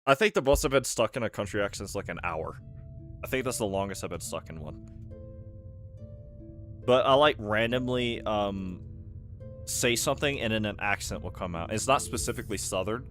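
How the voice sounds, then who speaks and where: A man's voice: fairly low pitch, lively intonation, moderate pace, long pauses, a bit bright. A young man rambling casually while he plays a game and answers chat, chuckling often. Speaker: gaming streamer. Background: game music.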